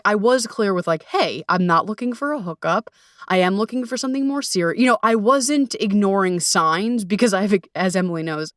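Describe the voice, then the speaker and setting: A young woman hosting her own podcast as a dating coach, telling stories in a casual, profane, self-mocking way and voicing her past self in lively asides. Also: medium pitch, no echo, studio quality. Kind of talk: casual solo podcast monologue.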